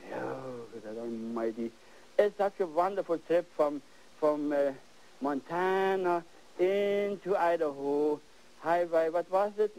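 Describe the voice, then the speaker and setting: An older man hosting a TV painting lesson, exuberant and animated, repeating words as he works, on worn 1980s videotape audio. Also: fairly high pitch, poor audio. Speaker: painting show host.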